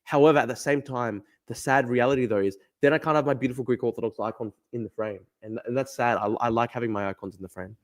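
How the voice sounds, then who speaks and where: On his livestream, a young Aussie man reads out comments from chat and riffs on them, rambling and restating his points. He speaks fast in a middle pitch and barely pauses.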